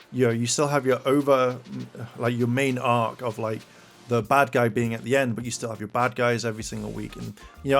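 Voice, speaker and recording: A man talks his way through his opinions in a loose, rambling style, leaning on fillers like "like" and "you know." His voice sits at a middling pitch, with faint music playing beneath it. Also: fairly bright tone. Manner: rambling, many fillers, rises in pitch when exasperated. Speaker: commentary channel host. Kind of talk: casual opinion commentary.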